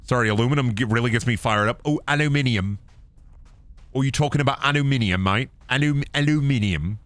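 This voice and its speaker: A man's voice: mid-range voice, fairly even intonation, racing, a bit bright, no room sound, close to an everyday voice. A man doing a mock British bloke who repeats words over and over and keeps saying "mate".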